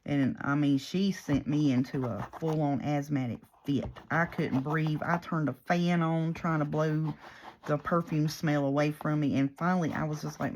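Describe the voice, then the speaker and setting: A woman's voice: low-pitched, fairly even intonation, moderate pace, a little mellow, a little hiss or hum. A woman chatting casually while crafting, rambling and poking fun at herself. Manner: chatty, rambling, self-mocking storyteller. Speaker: paper crafter and YouTuber.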